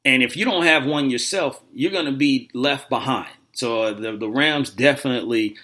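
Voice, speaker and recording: Man, sports talk host, bright tone, rambling, casual, lots of restarts. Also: mid-range voice, moderate pace. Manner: rambling, animated, with many fillers and restarts.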